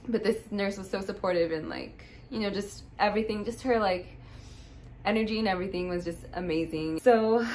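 A woman's voice: mid-range voice, a little hiss or hum, poor audio. A young woman vlogger telling a personal story in a casual, rambling way, with many fillers and restarts, and getting emotional.

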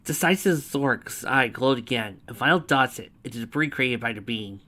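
Bright-voiced man reading fanfiction. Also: medium pitch, moderate pace. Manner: chatty asides between narration. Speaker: narrator. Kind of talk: reading fanfiction aloud with casual asides.

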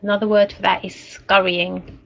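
A woman teacher reading a story aloud and leading a recorded lesson for young children in a gentle, expressive way. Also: mid-range voice, normal speed, creaky, dull audio. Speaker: primary school teacher.

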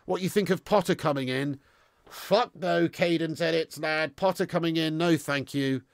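Young man, football fan host, watch-along chat, frustrated, swears casually, fairly high voice, dry close sound. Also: moderate pace, no room sound. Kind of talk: live match watch-along chat, reading viewer comments.

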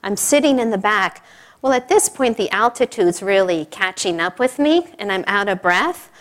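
A woman's voice: mid-range voice, lively intonation, moderate pace, fairly bright tone. A middle-aged woman telling a personal story in an informal sermon, chatty, with frequent laughs and asides. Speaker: speaker at a spiritual service.

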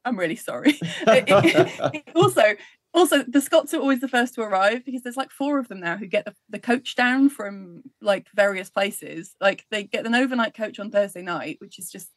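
A woman co-hosting a podcast in casual chat, talking quickly and often laughing. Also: fairly high pitch, animated, dry recording. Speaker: podcast co-host.

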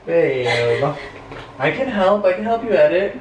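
A man's voice: high voice, very animated, measured pace. A young man in his twenties talking casually, reassuring and teasing his girlfriend. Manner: soothing, teasing, keeps reassuring. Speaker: boyfriend in a prank video. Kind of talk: casual conversation. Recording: echoey distant room sound with loud noise.

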